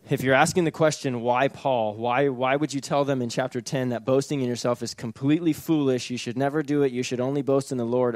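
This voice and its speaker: A man's voice: medium pitch, darkish tone, no room sound. Man, pastor, conversational sermon, sarcastic asides, dry close sound.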